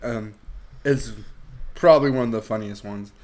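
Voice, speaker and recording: A man's voice: mid-range voice, normal speed, darkish tone. A man in an easygoing podcast chat with an ordinary mid-range voice. He retells movie scenes with animation and laughs easily, talking candidly and a little crudely. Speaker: podcast co-host. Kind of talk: casual movie review chat.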